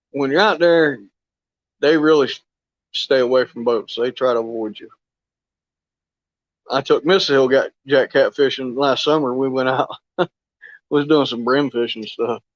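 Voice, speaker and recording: A man chatting on a fishing live stream in a loose, folksy ramble, chuckling as he goes. His voice sits at an ordinary pitch. It comes through dull and lo-fi, with a dry, close sound. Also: no echo. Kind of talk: casual live stream chat.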